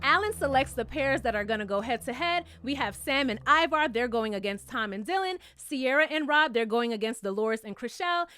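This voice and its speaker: Sassy high-voiced woman recapping TV. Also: a little fast, few pauses. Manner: sassy, animated, blunt, calls viewers "child"; swears freely and laughs at her own jokes. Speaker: reality TV recap vlogger. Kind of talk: casual episode recap and review.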